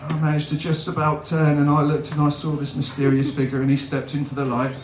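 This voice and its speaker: A young man doing stand-up comedy, animated and laughing, with big swings in pitch. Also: quick pace, roomy sound.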